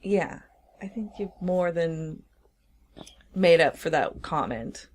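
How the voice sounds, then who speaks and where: A woman co-hosting a podcast in casual chat, chiming in often with encouraging responses and quick laughs. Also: fairly low pitch, expressive, darkish tone. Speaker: podcast co-host.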